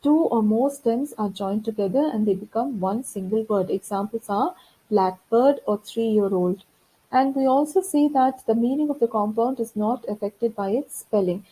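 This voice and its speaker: A woman's voice: fairly high pitch, mellow, slightly rough, poor audio. A woman lecturer explaining course material in a recorded lesson, talking it through with frequent fillers and restarts.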